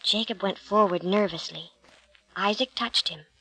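A woman narrating a children's Bible storybook in an expressive, gentle read-aloud manner. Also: medium pitch, moderate pace, breathy edge, no room sound, poor audio.

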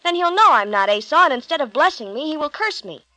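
A woman's voice: high voice, sing-song, quick pace, sharp tone, dry recording, pitched above the performer's own voice, exaggerated voice, rough recording. A woman voicing Jacob, an anxious young man, in a storybook reading. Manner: anxious, objecting.

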